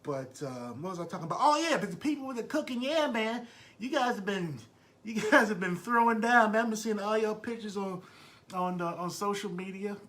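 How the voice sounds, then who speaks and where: A podcast host talks to his live listeners in a loose, friendly way and greets them by name as they join. His voice sits high and sounds bright and forward. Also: animated, brisk. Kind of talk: casual live podcast chat.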